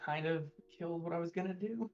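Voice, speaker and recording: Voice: mid-range voice, normal speed, a little mellow. A tabletop player describes actions in a loose, rambling, casual way. The sound is slightly dull and lo-fi, with faint music behind. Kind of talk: tabletop game play.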